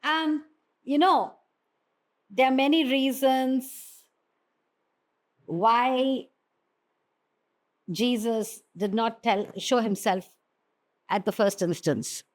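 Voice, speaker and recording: A woman's voice: fairly high pitch, extremely slow, long pauses. A woman preaching a sermon in an earnest, exhorting way, with frequent fillers and restarts.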